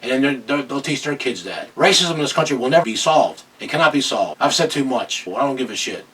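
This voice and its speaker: A man's voice: mid-range voice, animated, fast talker, fairly bright tone, slightly rough, far from the mic, poor audio. A middle-aged man ranting angrily in a video commentary, agitated and repeating himself. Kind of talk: angry political rant.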